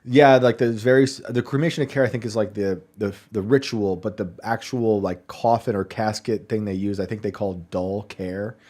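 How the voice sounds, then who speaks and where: A man hosting a podcast, chatting casually and laughing as he fires off quick follow-up questions. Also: on the low side, fairly even intonation, darkish tone. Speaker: podcast host. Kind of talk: casual interview chat.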